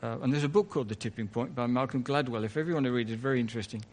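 A man's voice: medium pitch, racing, darkish tone. A man preaching a conversational sermon in church, full of asides and self-corrections.

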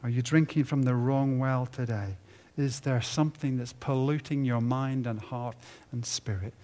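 A man preaching a sermon at a conference, building to loud emphatic peaks and dropping low and quiet at the ends of phrases. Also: steady tone, moderate pace. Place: conference hall.

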